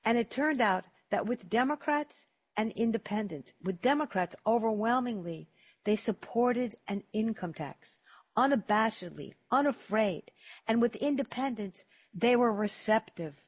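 An older woman hosting a radio talk show, telling stories in a lively, emphatic way with repeated words. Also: on the high side, normal speed, husky. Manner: animated storytelling, emphatic repetitions. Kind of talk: casual talk radio chat.

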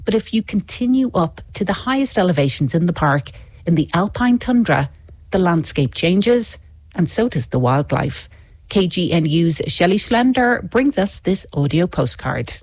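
A woman reading a scripted radio news introduction in a measured, even manner. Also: on the low side, slightly rough, no room sound.

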